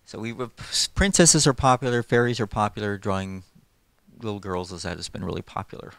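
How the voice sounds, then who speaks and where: A man's voice: lowish voice, brisk, vocal fry, dry recording. A middle-aged man, an animator, talking casually in an interview, friendly and rambling with lots of fillers. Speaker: animator and storyboard artist. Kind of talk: casual interview, explaining his work.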